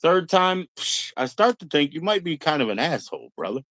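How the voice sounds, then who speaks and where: A man's voice: a little high, very animated, brisk, fairly bright tone, no room sound, poor audio. A middle-aged man hosting a casual livestream, rambling and swearing, mocking other people in put-on voices. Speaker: livestream host.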